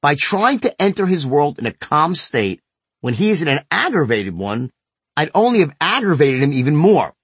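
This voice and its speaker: A man with a husky, slightly breathy voice teaches sales technique, his pitch swinging up and down as he drives points home. He talks bluntly and emphatically and isn't shy about a curse word, and the sound is close and dry with no room in it. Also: sing-song, moderate pace, no echo. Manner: blunt and emphatic, with occasional swearing. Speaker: sales trainer. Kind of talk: instructional narration.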